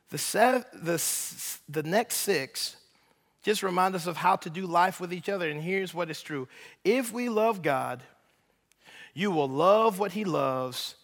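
A man in his thirties preaching a sermon, animated, acting out little dialogues and teasing the congregation. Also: on the high side. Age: 30s. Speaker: pastor. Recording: long hall reverb.

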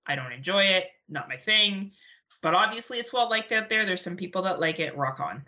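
A young adult woman co-hosting a podcast in casual chat, blunt, profane and animated as she rants. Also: mid-range voice, brisk. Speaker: podcast co-host.

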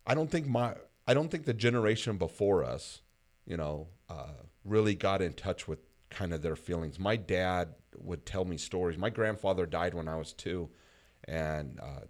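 Deep-voiced man, reflective host. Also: animated, moderate pace, darkish tone. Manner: reflective, with frequent fillers and laughter. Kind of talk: casual conversation.

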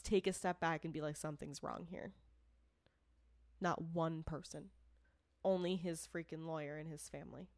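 A woman's voice: low voice, a little slow, pauses often, dry recording. A woman co-hosting a casual true-crime podcast, talking frankly and with indignation, swearing and laughing often. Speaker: podcast co-host. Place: not from the area where the show is made.

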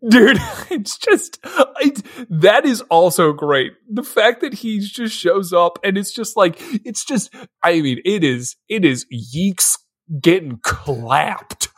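A husky-voiced man co-hosting a podcast, chatting about a film in a casual, excitable way. His pitch swoops all over as he laughs and acts out scenes. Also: takes it slowly. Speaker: podcast co-host. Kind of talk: casual movie-review chat.

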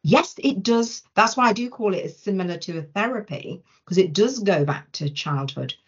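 A woman guest on a podcast, telling coaching stories in an animated way with many restarts. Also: mid-range voice, moderate pace, breathy edge. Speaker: coaching guest, change manager. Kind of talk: conversational podcast interview. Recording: dull lo-fi podcast audio.

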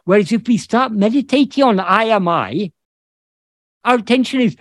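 High, lively-voiced man explaining scripture. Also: moderate pace, no room sound, studio quality. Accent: British English. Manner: thoughtful, searching for words with many restarts. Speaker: spiritual teacher. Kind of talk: explaining scripture in an online meeting. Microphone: video call.

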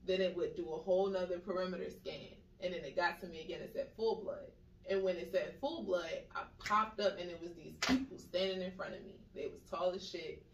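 A woman in casual chat, telling dream stories in a slangy, animated way and acting out the voices she quotes. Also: lowish voice, fast talker, hardly any pauses, a little hiss or hum. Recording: echoey room, mic at a distance.

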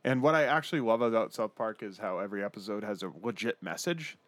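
A man's voice: fairly low pitch, fast, fairly bright tone, dry recording. Rambling, foul-mouthed young guy. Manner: rambling, profane, lots of fillers and restarts. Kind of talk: casual profane banter.

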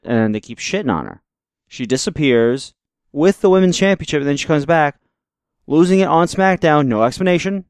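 A man's voice: a little high, moderate pace, smooth, no room sound. A man co-hosting a wrestling podcast, ranting sarcastically in casual chat and swearing freely. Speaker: podcast co-host.

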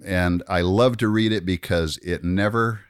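A middle-aged man with a very low voice talks through a rambling anecdote in a relaxed, conversational way. He trips over his words and starts over as he builds the story. The sound is close and dry, with no room around it. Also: measured pace, clear, resonant tone, dry recording. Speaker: guest storyteller. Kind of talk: casual storytelling chat.

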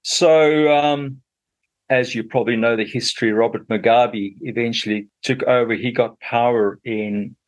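A man from Zimbabwe, a guest in an interview, slowly and thoughtfully recounting his life with pauses and fillers. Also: medium pitch, fairly even intonation, rough recording. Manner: slow and reflective, with pauses and fillers.

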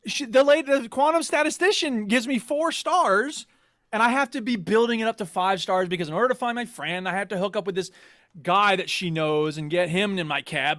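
Podcast co-host, male, higher voice, animated and exasperated, swears freely, dry close sound. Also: dry recording. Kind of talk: casual chat.

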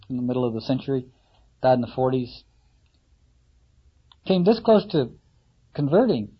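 A man lecturing reflectively on a novel, musing aloud with halting restarts and rhetorical questions. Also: mid-range voice, slightly rough. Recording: slightly muffled lo-fi recording.

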